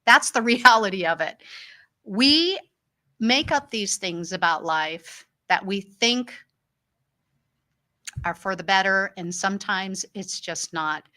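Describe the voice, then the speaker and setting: A woman's voice: medium pitch, takes it slowly, pauses often, sharp tone. A middle-aged woman hosting a talk show, telling personal family stories in an earnest way and springing into livelier voices when she quotes others. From Illinois. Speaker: host. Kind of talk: personal storytelling monologue.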